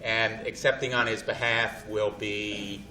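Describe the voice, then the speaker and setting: Man presenting awards at a conference, halting and formal, recorded off-mic in a noisy echoey hall. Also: fairly low pitch, level tone. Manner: formal, hesitant, stumbles over names. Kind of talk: conference announcement. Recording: roomy distant mic in a crowded hall.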